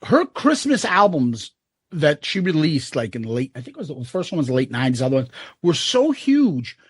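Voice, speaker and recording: Podcast co-host, man, rambling joker, higher voice with lots of swing, dry close mic. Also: very animated, normal speed, breathy edge, no echo. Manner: rambling, joking storyteller. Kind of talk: casual chat.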